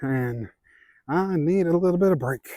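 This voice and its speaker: A man's voice: fairly high pitch, moderate pace, dark tone, no room sound. A man with an Ozark Southern accent, chatting easily to viewers while hiking an outdoor trail on a handheld camera, a little out of breath from the climbs. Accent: Ozark Southern American. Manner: chatty, easygoing, talks to viewers while walking. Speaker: hiking vlogger. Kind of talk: casual walking vlog.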